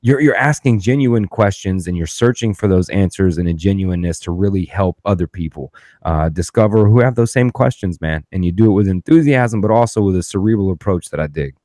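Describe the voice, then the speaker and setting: A man's voice: low voice, lively intonation, fairly quick, warm tone, no echo, clean studio sound. A man hosting a podcast, telling stories in a loose, profane, ranting way. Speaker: podcast host. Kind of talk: casual podcast chat.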